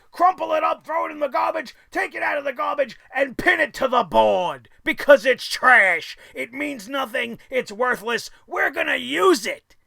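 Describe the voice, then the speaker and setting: Vlogger doing a loud bossy wrestling exec, sarcastic, kinda high voice, dry sound. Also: vocal fry, dry recording, exaggerated voice. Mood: manic scornful. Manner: sarcastic, blunt. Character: bewildered wrestling boss barking orders.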